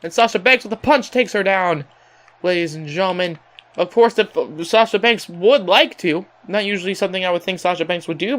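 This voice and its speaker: A young man giving excitable play-by-play commentary on a wrestling video game, often laughing and calling out to ladies and gentlemen. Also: high voice. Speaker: gameplay commentator.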